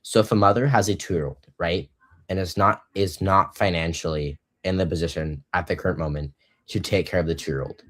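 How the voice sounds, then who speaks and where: A teenage boy hosting a casual live-streamed debate, halting and full of fillers. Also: low voice, steady tone, a bit bright. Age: teens. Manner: halting, many fillers and restarts. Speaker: debate host.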